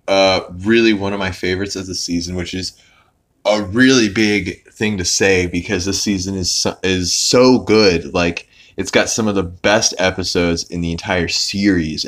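A man with a fairly low voice talks through a cartoon episode in loose, casual podcast chat. He rambles, leans hard on filler words and throws in the odd curse. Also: a bit bright. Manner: rambling, full of "like" fillers, swearing. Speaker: podcast host.

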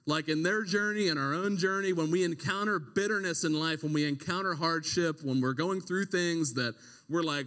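Young youth pastor, loose slangy preaching, higher voice in a reverberant sanctuary. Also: male voice, moderate pace, sharp tone. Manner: conversational, slangy, with frequent "like" and "right?". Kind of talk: casual sermon. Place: church sanctuary. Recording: long hall reverb.

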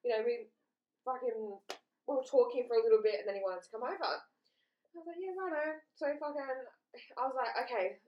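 A woman's voice: a little high, fairly quick, dull audio. A young woman, chatting bluntly and swearing freely as she tells a story. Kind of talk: casual chat. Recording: roomy echo.

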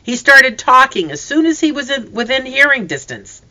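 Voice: sits high, moderate pace. A storybook narrator reading aloud expressively, acting out the characters' lines as well. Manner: expressive, reads characters' voices.

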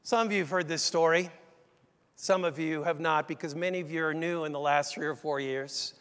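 A middle-aged man preaching a sermon, telling a story in a lively, conversational way and speaking straight to the congregation. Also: fairly high pitch, a little fast, smooth. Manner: animated, conversational, addresses the congregation directly. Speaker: pastor. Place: large church. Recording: echoey church hall.

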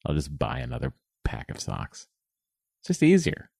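A man chatting on a podcast with dry, deadpan humor. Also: very deep voice, moderate pace, vocal fry, breathy edge, dry recording. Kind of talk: casual chat.

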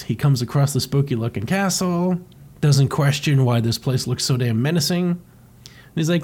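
A man's voice: a little high, normal speed. A man co-hosting a podcast, narrating a comic with crude jokes and frequent laughter. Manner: animated, crude, laughing often. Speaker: podcast co-host. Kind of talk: casual comedic commentary.

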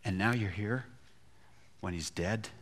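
A man's voice: fairly low pitch, unhurried. A man preaching a sermon, retelling a scripture story and acting out the quotes with feeling. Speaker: pastor.

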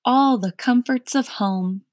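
A chuckling prison policeman hands out cheerful warnings in a slow, unhurried way, as a woman reads him aloud. His storybook voice sits higher than the reader's plain tone, over a dry, close sound. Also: darkish tone, no echo. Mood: mock-cheerful. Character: chuckling male prison policeman, jailer type.

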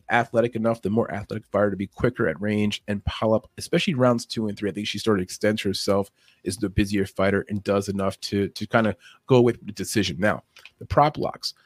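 In a dry recording, a man with a slightly rough, lowish voice breaks down fight betting lines in casual podcast style. This MMA betting analyst talks fast and loose, restarts his sentences often, and chuckles at his own points.

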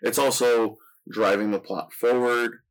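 A man in a relaxed movie chat walks through a film scene beat by beat, piling on detail after detail. His voice sits at an ordinary middle pitch, neither deep nor high. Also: measured pace, low-quality recording. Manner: retells movie scenes in long detailed play-by-play. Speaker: podcast co-host. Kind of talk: casual film discussion.

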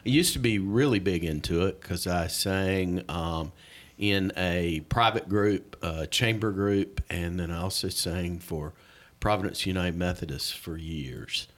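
A middle-aged man on a podcast who talks in a projecting voice, relaxed and joking. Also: sits low, a little slow. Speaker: podcast guest, coworker.

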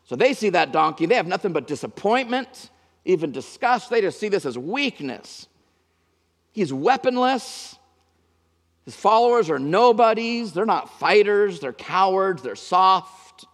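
A man's voice: high-pitched, sing-song, measured pace. A male pastor preaches with a slightly raised voice, pressing hard on some lines and dropping almost to a murmur on others. His words ring out with a long hall reverb, as in a big church sanctuary. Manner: dynamic preaching, swinging from emphatic to hushed. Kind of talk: sermon.

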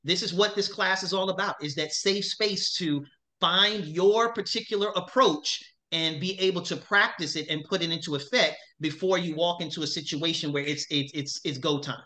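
An upbeat man leads a class discussion, cheering on each answer with repeated praise. His voice sits a touch high and rings bright and forceful. He moves the talk along from student to student. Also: normal speed. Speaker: chaplain instructor leading a class.

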